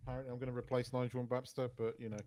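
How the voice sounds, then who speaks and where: A man co-hosting a casual pop culture podcast, talking in a halting way with many restarts. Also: medium pitch, completely flat delivery, a little mellow. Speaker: podcast co-host. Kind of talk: casual chat.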